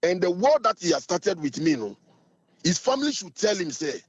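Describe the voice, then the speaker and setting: A Ghanaian man with a hoarse voice, the chairman of a supporters' group, talking in an assertive, fiery way in an interview. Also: high-pitched, big pitch swings, moderate pace, dry recording, highs cut off.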